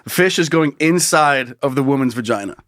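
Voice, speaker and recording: A man's voice: medium pitch, expressive, fairly quick, a bit bright, dry recording, studio quality. A man co-hosting a casual comedy podcast, crude and swearing freely with mock exasperation. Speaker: podcast co-host.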